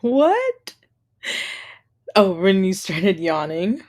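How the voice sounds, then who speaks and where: Slow, chatty tired woman streaming. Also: medium pitch, big pitch swings, darkish tone. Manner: chatty, greets viewers by name, laughs often. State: tired and yawning. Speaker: livestream host. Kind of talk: casual livestream chat.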